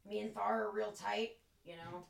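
Chill gravelly orc sidekick dude, a woman puts him on, rambles, echoey room. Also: mid-range voice, steady tone, moderate pace. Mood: laid-back. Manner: laid-back, rambling. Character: loyal orc henchman, adult male. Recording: echoey room, distant mic.

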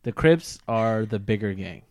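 An American man from Los Angeles, a comedian chatting casually as a podcast guest in a relaxed, easygoing way. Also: on the low side, unhurried, no room sound. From South Central Los Angeles. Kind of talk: casual chat.

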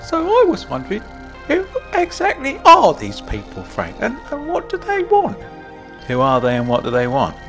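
A man voicing a high-pitched, eager male interviewer who pushes questions at the host. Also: wildly swooping pitch, moderate pace, a bit bright, faint music behind, heavily acted. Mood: curious. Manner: quizzical, pushy questioning.

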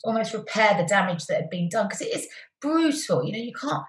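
A woman's voice: mid-range voice, sing-song, brisk. Effusive woman, roomy sound. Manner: warm, effusive storytelling with restarts. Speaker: guest, TV presenter. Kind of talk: conversational interview.

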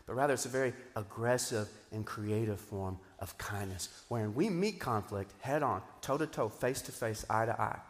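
A man preaches from the stage of a church auditorium, his voice carrying a long hall reverb. He is animated and keeps swinging from loud, emphatic bursts down to quiet asides. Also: lowish voice, moderate pace, few pauses. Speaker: pastor. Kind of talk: sermon.

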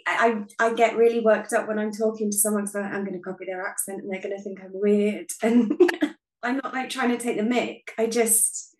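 A woman's voice: mid-range voice, steady tone, moderate pace, darkish tone, echoey room, a little hiss or hum, low-quality recording. A woman, a podcast guest chatting casually, bubbly and self-deprecating, laughing often. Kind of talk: casual chat.

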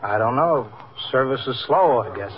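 An actor playing a shifty robbery suspect in a 1950s radio drama, answering in a defensive, evasive way. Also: male voice, medium pitch, expressive, normal speed, a little hiss or hum, close to an everyday voice. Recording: muffled old radio broadcast with faint music.

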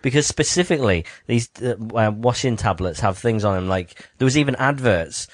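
A man's voice: mid-range voice, expressive, fairly quick, no echo. A man co-hosting a podcast, mostly giving short dry reactions. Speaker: podcast co-host. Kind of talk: casual chat.

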